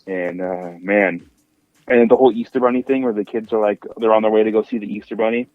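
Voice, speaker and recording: A man with a low voice, chatting on a podcast and retelling movie scenes with animated bits of acting. The sound is dry and a little dull, from a lo-fi mic. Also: fast talker, no echo. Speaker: podcast co-host. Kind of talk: casual film review chat.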